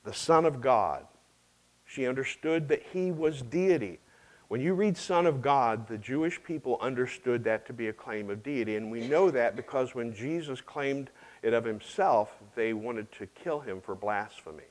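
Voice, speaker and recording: A man's voice: mid-range voice, expressive, moderate pace, low-quality recording. A man preaching an expository sermon in an earnest way, asking rhetorical questions and repeating phrases for emphasis. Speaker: pastor.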